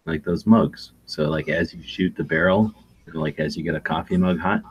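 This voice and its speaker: A man with a low, husky voice, chatting casually on a podcast. He tells stories in an animated way and slips into quick impressions of other people. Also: lo-fi sound. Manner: animated storyteller, mimics others. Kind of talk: casual chat.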